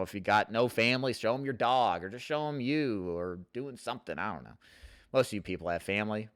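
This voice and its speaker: Guy with a lowish voice, rambly casual coaching, dry close sound. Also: fairly bright tone, smooth, dry recording. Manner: rambling, coaching, reads viewer comments aloud. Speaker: host answering live chat questions. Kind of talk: casual live Q&A.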